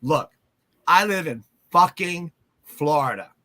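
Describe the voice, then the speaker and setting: A teacher with a high, bright voice talks in an emphatic, casual way. He backs up the other speaker with quick agreement and presses his own points hard. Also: expressive, dry recording. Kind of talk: casual chat.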